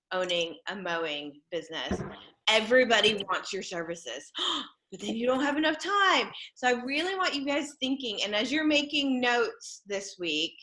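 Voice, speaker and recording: A woman with a sharp tone leads a junior high class on a video call. She's cheerful and supportive, teasing her students along in a playful way.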